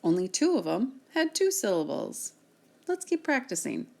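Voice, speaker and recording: A woman teacher giving a recorded reading lesson, sounding out words slowly and clearly for her students. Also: mid-range voice, huge pitch swings, a little mellow.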